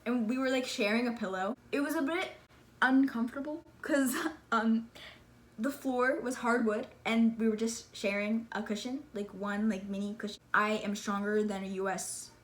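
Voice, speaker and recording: A woman telling a story in a casual vlog, excitable and gushing, filling her talk with "like" and calling her listener "sister.". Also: fairly high pitch, normal speed. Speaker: vlogger.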